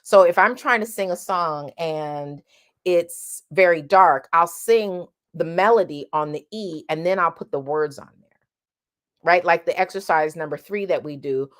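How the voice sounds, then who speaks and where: A woman coaching singing at an unhurried, deliberate pace. Her speaking voice sits a little low, and she cuts in with sung, held vowels to show each shape. Her tone is plain and no-nonsense. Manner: sings vowel demonstrations between explanations; direct, blunt coaching. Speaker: singing teacher. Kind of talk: vocal lesson with demonstrations.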